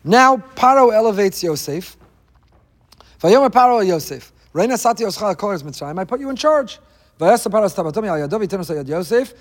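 A man's voice: high-pitched, expressive, fairly quick, big-room sound. A man teaching a weekly Torah class, with wry asides and jokes.

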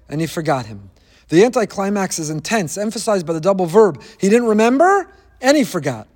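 A man's voice: a little high, a little mellow, big-room sound. A man teaching a sermon on the weekly Torah portion, an emphatic storyteller who sprinkles in Hebrew terms.

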